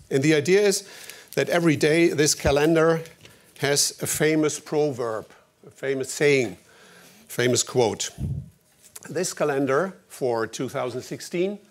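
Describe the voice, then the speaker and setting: A man from Germany with a German accent, giving a formal opening speech at an award ceremony in a wry, anecdotal way with slightly halting phrasing. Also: on the high side.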